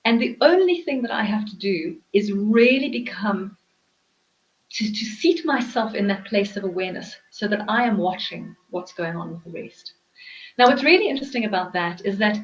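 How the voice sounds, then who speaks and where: A woman's voice: mid-range voice, lo-fi sound, slight background noise. A woman hosting an interview as a life coach, explaining her ideas earnestly and repeating phrases for emphasis. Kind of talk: reflective interview talk.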